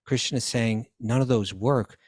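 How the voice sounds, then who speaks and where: A man's voice: medium pitch, normal speed, darkish tone, no room sound, clean studio sound. A man teaching scripture in a question-and-answer talk, quoting Sanskrit verses, translating them and often restarting his phrases.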